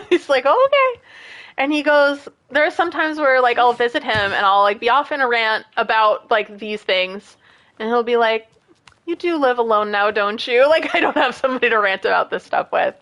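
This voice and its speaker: A woman's voice: on the high side, moderate pace, a bit bright. A woman in her late thirties chatting casually with her stream audience, rambling from one story to the next, laughing often and going off on rants. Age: late 30s.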